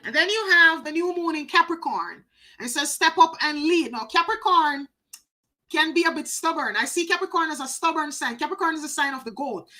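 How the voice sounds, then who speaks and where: Bright high-voiced woman reading oracle cards. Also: animated, fairly quick, rough recording. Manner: repeats phrases for emphasis; chatty, addresses viewers by name. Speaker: oracle card reader. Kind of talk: live oracle card reading.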